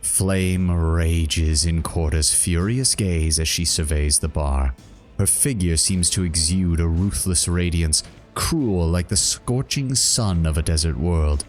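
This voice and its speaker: A man's voice: low-pitched, slow, faint music behind. A man narrating as game master of a tabletop role-playing game, then rambling and correcting himself in casual chat with the players. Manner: rambling, self-correcting when chatting.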